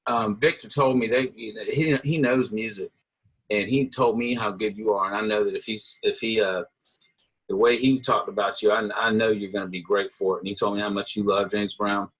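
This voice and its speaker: A middle-aged guitarist tells stories casually in an interview, animatedly acting out the voices of people he quotes. His lowish voice is fairly quick with a breathy edge, and the recording is low quality.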